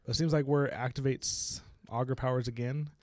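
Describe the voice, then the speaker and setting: A young man co-hosting a casual book-discussion podcast, recapping chapters in a chatty, animated way with frequent laughs. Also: medium pitch, a little fast, no room sound, clean studio sound. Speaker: podcast co-host.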